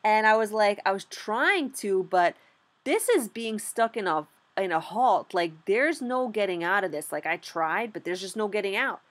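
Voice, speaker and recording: A young adult woman, a beginner stock trader, gives a casual vlog recap in a medium-pitched voice at normal speed. She's animated and candid, saying "like" a lot and swearing often.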